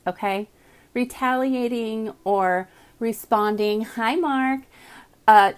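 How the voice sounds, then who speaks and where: A woman's voice: a little high, a little mellow. Woman host, upbeat and chatty, live morning inspiration show read to viewers. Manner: enthusiastic, chatty, addresses viewers as guys. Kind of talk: live-stream inspirational talk. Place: home, streaming live.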